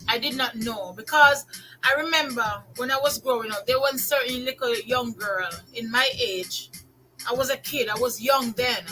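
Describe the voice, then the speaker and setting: An older Jamaican woman tells stories straight to her viewers in a casual, lively way, doubling up her phrases for emphasis and sliding into patois. Her voice sits high and sounds bright and ringing. Soft music plays faintly behind her. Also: normal speed, rough recording. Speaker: vlogger. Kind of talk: casual storytelling monologue.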